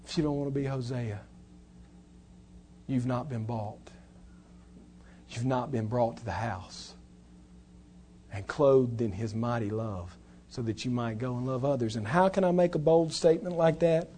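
A man preaching a sermon as pastor, moving between hushed, tender passages and loud, impassioned appeals. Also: medium pitch, measured pace, long pauses, a little hiss or hum.

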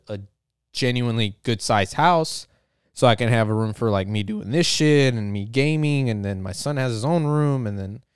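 A man with a smooth, clear voice riffs casually to camera, swearing freely and padding his lines with "like" and "uh". His joking, loose delivery sounds close and dry, with no room echo. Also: mid-range voice. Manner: profane, joking, full of fillers. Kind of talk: casual rambling monologue.

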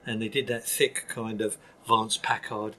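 A man's voice: fairly low pitch, little pitch movement, measured pace, bright, forceful tone, a little hiss or hum. An older man with a Cockney accent, talking bluntly and emphatically as an interview guest, often restarting his sentences. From East London, England. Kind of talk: candid interview talk.

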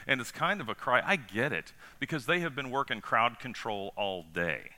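A man's voice: mid-range voice, fairly quick, few pauses. A male pastor preaching a sermon in a casual, conversational way, often putting rhetorical questions to the congregation. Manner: casual and animated, asks the congregation rhetorical questions, acts out quotes.

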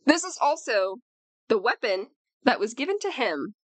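A woman's voice: a little high, very animated, normal speed, no echo. A woman co-hosting a casual podcast chat, blunt and dry, swearing freely. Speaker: podcast co-host.

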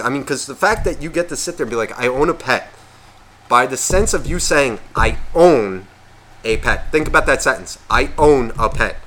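A man's voice: medium pitch, sharp tone. A man co-hosting a podcast, ranting in a casual, profane way and acting out imagined voices. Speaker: podcast co-host.

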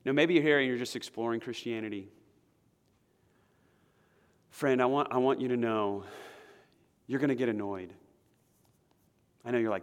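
A male pastor delivering a sermon with fervor, his mid-range voice climbing to forceful emphasis and sinking to quiet, prayerful tones. His words carry through the long reverb of a church sanctuary. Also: medium pitch, a little fast, long pauses. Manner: impassioned, swinging from loud emphatic build-ups to hushed prayer.

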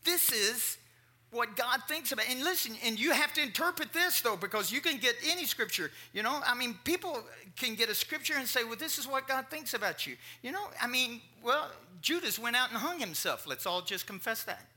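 Animated, bright-voiced preacher man. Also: very high-pitched, brisk. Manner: joking asides, animated and conversational. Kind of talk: sermon.

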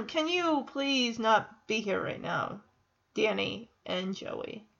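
Brief: high-voiced woman, casual sarcastic recapper, muffled lo-fi sound. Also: expressive, slow, creaky, a bit bright. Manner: sarcastic, laughs often, reads out lines. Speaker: episode recapper.

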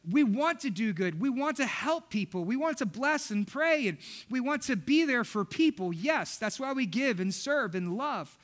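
High, bright-voiced man preaching a sermon. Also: moderate pace. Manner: animated, acts out his daughters' voices. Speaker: pastor.

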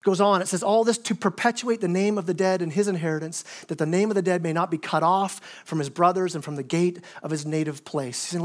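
A man preaching a sermon as pastor, telling a story with lively acted-out quotes and frequent self-repeats. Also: sits high, quick pace, few pauses. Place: church sanctuary.

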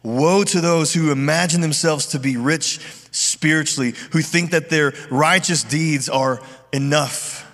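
Middle-aged pastor preaching in a reverberant hall. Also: male voice, on the high side, a little slow, a bit bright. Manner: earnest, conversational preaching with repeated restarts. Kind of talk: sermon.

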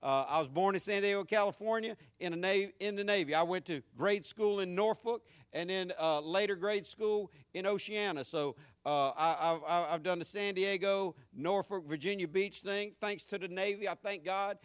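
Fiery Southern pastor, slightly high voice. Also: male voice, normal speed, few pauses, smooth, no echo, studio quality. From North Florida, US. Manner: earnest, swelling to fiery emphasis. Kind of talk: sermon.

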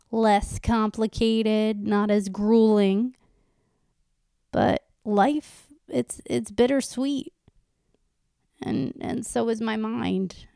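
A woman's voice: medium pitch, vocal fry, darkish tone, clean tone, dry recording, studio quality. A woman talking to her viewers in a candid, rambling monologue, going off on tangents and swearing casually.

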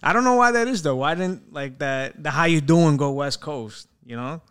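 Smooth-voiced young man reading comments. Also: fairly high pitch, sing-song, normal speed, bright, forceful tone. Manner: reads out listener comments, jokey. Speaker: podcast co-host. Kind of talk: casual chat.

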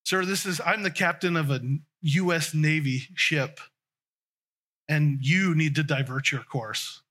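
A man's voice: on the high side, measured pace, sharp tone. A man voicing a proud, irritated navy captain who insists and commands, inside a sermon story.

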